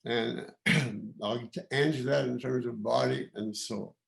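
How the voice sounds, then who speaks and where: A man in his eighties, originally from Canada, giving informal remarks at a celebration in a halting, reflective way, with many pauses and restarts. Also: medium pitch, fairly even intonation, gravelly. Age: 80s. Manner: reflective and candid. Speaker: guest of honour giving remarks.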